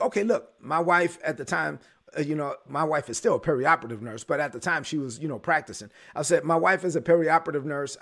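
A man preaching a sermon in an animated way, acting out the voices of churchgoers. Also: on the high side. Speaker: pastor.

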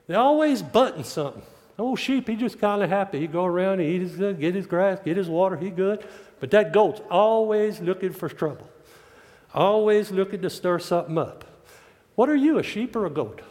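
A man's voice: high voice, expressive, moderate pace, a little mellow. A man preaching a sermon, folksy and joking, drawing out his emphatic lines. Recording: long hall reverb.

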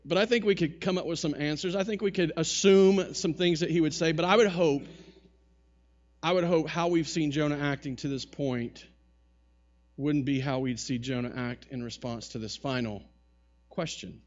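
A man preaching a conversational sermon, with wry asides and lively retellings of the text. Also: a little high, moderate pace, highs cut off. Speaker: pastor.

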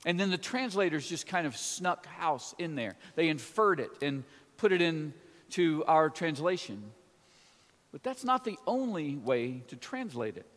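A man's voice: on the high side, expressive, measured pace, a bit bright. Man preaching in a reverberant church. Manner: conversational, with folksy asides. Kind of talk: sermon.

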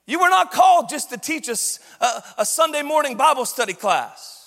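High-voiced man preaching with passion. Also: sing-song, moderate pace, vocal fry, in a large hall. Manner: impassioned preaching, shouting and sing-song rises. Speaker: pastor. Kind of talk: sermon.

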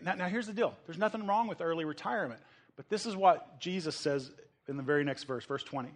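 A man from the United States preaching a sermon as a pastor, animated, acting out the voices of people in his story. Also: high-pitched, quick pace.

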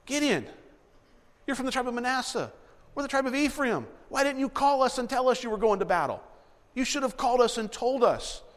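A man's voice: very high-pitched, expressive, brisk, voice pushed up. A man voicing offended tribal warriors who sharply complain about being left out of a battle, in a long-reverb hall. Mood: indignant. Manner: complaining, aggrieved, sharp reprimand. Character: indignant men of an offended warrior tribe.

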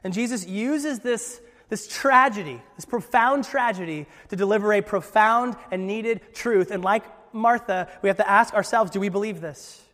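Man preaching in a church hall, high-pitched, earnest, swings loud to soft, echo of a big room. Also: moderate pace. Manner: earnest, jokey asides, swings from loud to hushed. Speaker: pastor. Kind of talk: sermon.

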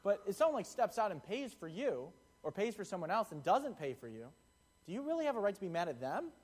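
Young male preacher, slightly higher voice, relaxed chatty sermon delivery. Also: brisk, breathy edge. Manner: conversational, acts out quotes in the parable. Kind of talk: casual sermon.

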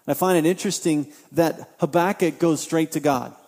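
Impassioned high-voiced male preacher, echoing hall. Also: a little fast, a little mellow. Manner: repeats phrases for emphasis. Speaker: pastor. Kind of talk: sermon. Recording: long hall reverb.

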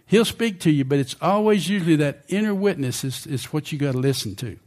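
A man's voice: a little high, expressive, brisk, a little mellow. An older man preaching a sermon in a conversational way, often asking the congregation questions.

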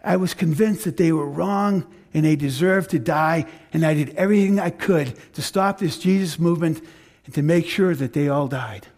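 A man's voice: fairly high pitch, normal speed, darkish tone. A man preaching as the apostle Paul, telling in first person and with emphatic repeats how he became a believer. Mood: earnest. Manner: earnest first-person retelling, emphatic repetition. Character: apostle Paul, grown man, fervent former persecutor.

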